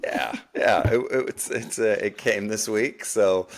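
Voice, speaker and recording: A man's voice: fairly low pitch, fairly even intonation, a little slow, vocal fry. An Australian man co-hosting a casual sports podcast over a video call, self-mocking and giggly, often tripping over restarts. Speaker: podcast co-host.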